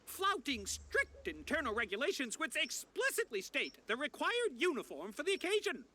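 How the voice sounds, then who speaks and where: A man's voice: very high-pitched, huge pitch swings, normal speed, pushed and bright, exaggerated voice. A man voicing a haughty, sardonic old university rector in a video game.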